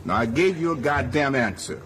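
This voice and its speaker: Angry threatening councilman, lively pitch. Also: fairly quick, crowd noise. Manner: angry, threatening, profane, repetitive. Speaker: city councilman. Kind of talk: heated news interview.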